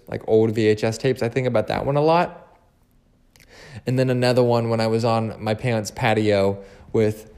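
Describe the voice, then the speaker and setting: Young male podcast host, slight lisp, rambling casual delivery, mid-pitched. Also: darkish tone. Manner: rambling, restarts often, casual swearing. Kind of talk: casual solo chat.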